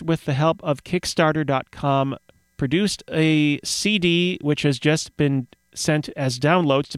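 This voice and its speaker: A man's voice: a little high, no echo. Wry radio DJ man, dry studio sound. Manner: reads news items aloud with wry offhand asides. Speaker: radio DJ host. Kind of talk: casual radio talk and news reading.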